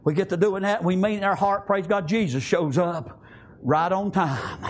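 Man, preacher, fervent sermon, very high voice, shouting. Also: moderate pace. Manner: fervent, frequent "amen" and "praise God", breaks into shouts. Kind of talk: fiery sermon.

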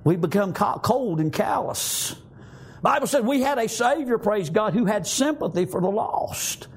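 Brief: male preacher, high-pitched, fervent sermon delivery, full of amens. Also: expressive, measured pace, slightly rough. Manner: fervent, peppered with "praise God" and "amen".

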